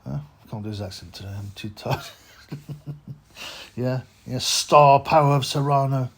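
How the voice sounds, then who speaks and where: A man's voice: mid-range voice, normal speed. A man hosting a boxing channel, talking in a rambling, mocking rant with lots of stammered restarts. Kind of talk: casual rant to camera.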